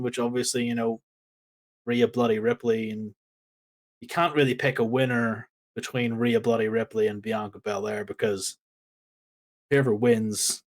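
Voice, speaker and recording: A man co-hosting a casual podcast chat, ranting in an exasperated, animated way. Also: mid-range voice. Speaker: podcast co-host.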